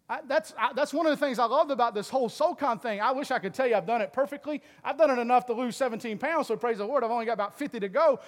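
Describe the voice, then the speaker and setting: High-voiced preacher man in a reverberant hall. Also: quick pace, hardly any pauses. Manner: swings from loud, emphatic preaching to low, earnest asides. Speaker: pastor. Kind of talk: sermon.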